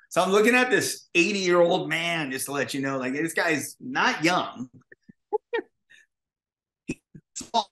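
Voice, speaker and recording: Forceful, animated man telling stories. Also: on the high side, unhurried, long pauses, reverberant. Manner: animated, profane, acts out dialogue. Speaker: guest, pizza restaurateur. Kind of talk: casual interview storytelling.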